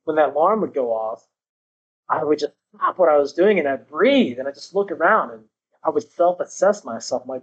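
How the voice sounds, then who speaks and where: A man's voice: a little high, expressive, brisk, highs cut off. A man appearing as a podcast guest, talking earnestly and reflectively in casual conversation with occasional swearing.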